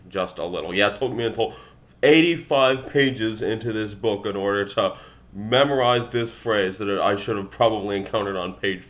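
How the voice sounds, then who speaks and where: Working through a textbook as a language learner, this young man, a native English speaker, reads the exercises aloud and answers them in a low-pitched, fairly bright voice. It's a self-recorded study session, with wry asides along the way.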